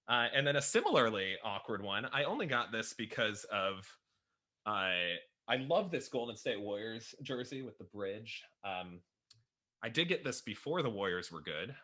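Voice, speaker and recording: A man's voice: on the low side, sharp tone. A man from Chicago chatting casually about his jersey collection, enthusiastic and self-deprecating, laughing often. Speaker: writer and podcaster, guest. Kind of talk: casual chat showing off jerseys.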